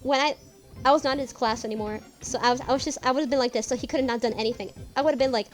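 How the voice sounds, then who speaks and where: A woman's voice: fairly high pitch, rapid-fire, soft background music. A young woman chatting casually while streaming a game, rambling, repeating herself and swearing often. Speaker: gaming streamer. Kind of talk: casual let's-play chat.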